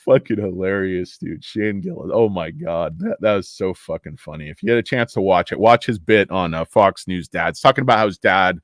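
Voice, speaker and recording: A man hosting a casual stock livestream, rambling between market talk and viewer shout-outs. His pitch swings widely as he jokes and swears. The sound is dry and close. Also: lively intonation, moderate pace, dry recording. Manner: rambling, profane, joking.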